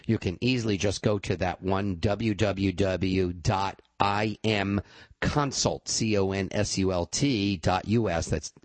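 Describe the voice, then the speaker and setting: A man with a very low voice hosts a call-in radio show. He talks casually and rambles through long explanations with asides. The sound is close and dry, with no room around it. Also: measured pace, no room sound. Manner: chatty, explains at length with asides. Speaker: radio talk show host.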